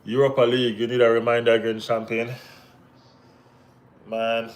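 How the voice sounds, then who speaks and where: A Jamaican man hosting a casual football watch-along stream, bantering with viewers in relaxed Caribbean slang. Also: mid-range voice, moderate pace. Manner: laid-back banter with Caribbean slang, bursts of excited teasing. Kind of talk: casual live-stream chat reading viewer comments.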